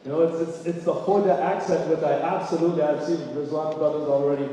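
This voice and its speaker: A man's voice: a little high, fairly even intonation, fast talker, warm tone, a little hiss or hum. A man from Canada hosting a gala, chatty and self-deprecating, with many asides. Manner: chatty, self-deprecating, frequent "you know". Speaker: gala emcee. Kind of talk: event hosting with personal anecdotes. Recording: echoey banquet hall, distant mic.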